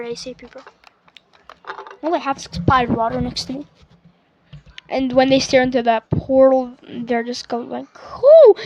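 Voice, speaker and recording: A woman's voice: sits high, no echo, highs cut off. A woman casually recapping a movie plot, stuttering and restarting with lots of fillers. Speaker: movie reviewer.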